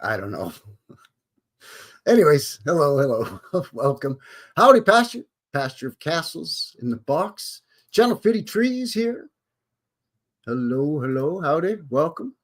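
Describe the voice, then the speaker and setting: A man from Alberta hosts a casual live stream in folksy cowboy talk, greeting viewers as they come in. His voice is a touch husky and swings widely in pitch. It sits a little higher than most men's. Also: big pitch swings, a little slow, pauses often. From Alberta, Canada. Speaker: livestream host.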